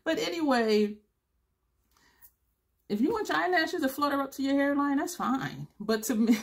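A woman's voice: sits high, expressive, normal speed. A woman in her fifties chatting casually to camera as a beauty vlogger, blunt and rambling, laughing now and then, a little tired. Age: 50s.

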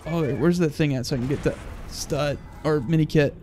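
This gaming video host speaks fairly quickly, his voice a little high but dark in tone, with slight background noise. The young man jokes crudely over gameplay, swearing often and pretending to be angry for laughs.

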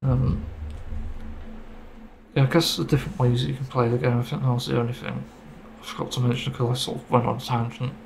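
A man's voice: medium pitch, little pitch movement, a little fast, gravelly, a little mellow, a little hiss or hum, poor audio. A man giving a casual, rambling opinion monologue about a game, getting frustrated and swearing casually. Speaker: gaming video creator.

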